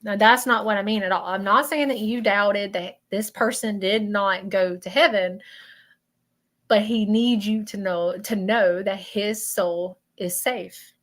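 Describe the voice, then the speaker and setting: A woman with a Southern US accent hosting a live stream of spiritual readings, talking in an emotional, halting way that repeats itself. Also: medium pitch, a bit bright. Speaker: host doing spiritual readings. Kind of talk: live-stream chat with viewers.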